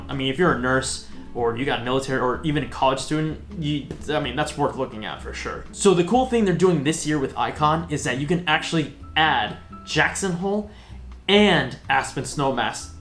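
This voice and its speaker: A man's voice: fairly high pitch, expressive, brisk, a bit bright, soft background music. A man hosting a casual vlog, chatty and upbeat, with self-mocking asides. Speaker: host. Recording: roomy echo.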